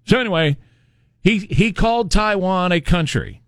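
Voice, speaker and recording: A man's voice: high-pitched, expressive, normal speed, no echo. Sarcastic male commentary host. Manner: sarcastic, mocking, rhetorical questions. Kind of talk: opinionated monologue.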